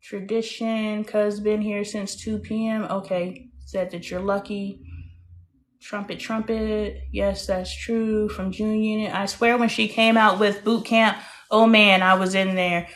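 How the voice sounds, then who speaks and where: A woman in her thirties hosting a casual livestream chat, telling stories in a chatty, animated way with playful exclamations. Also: medium pitch, a little slow. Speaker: host.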